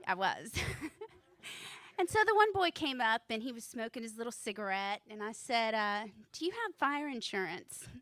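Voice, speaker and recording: A woman's voice: a little high, lively intonation, normal speed, fairly bright tone, no room sound. A woman in her forties doing a stand-up comedy set on a club stage, nervous and self-deprecating, laughing at her own jokes. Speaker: student stand-up comic.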